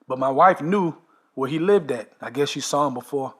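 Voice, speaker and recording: A man's voice: mid-range voice, normal speed, fairly bright tone. A man telling a long story in a casual, emphatic way, often tagging his sentences with "man" and "okay". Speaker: storyteller recounting a dream. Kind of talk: casual monologue.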